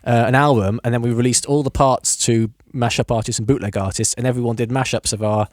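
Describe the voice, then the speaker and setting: A man's voice: mid-range voice, steady tone, fast, a little mellow, dry recording. A man hosting a radio music show in a studio, chatting casually and jokily, laughing often and restarting his sentences with plenty of fillers.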